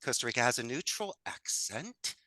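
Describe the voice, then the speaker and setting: Bright, enthusiastic man giving motivational advice. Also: mid-range voice, sing-song, moderate pace, no echo. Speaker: guest, business owner. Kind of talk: casual interview chat.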